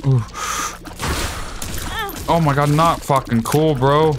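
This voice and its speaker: A man giving profane, excitable commentary as he plays a video game, shouting at enemies. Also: fairly high pitch, slow pace, background noise. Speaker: gaming streamer. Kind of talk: let's play commentary. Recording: game music behind.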